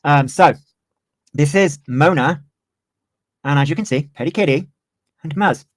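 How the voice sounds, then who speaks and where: A man's voice: fairly high pitch, measured pace, dry recording. A man in his twenties, ranting heatedly on a livestream and swearing freely. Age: 20s. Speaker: streamer. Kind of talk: livestream commentary.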